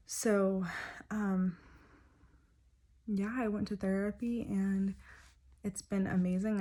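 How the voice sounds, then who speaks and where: A young woman speaking softly and hesitantly to camera, sharing a personal story with many pauses and fillers. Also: medium pitch. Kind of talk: personal confessional talk to camera.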